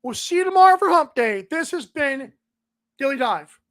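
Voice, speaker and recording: Male solo podcast host with a high-pitched voice; emphatic, sarcastic ranting. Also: expressive, normal speed, pushed and bright. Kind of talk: solo sports podcast commentary.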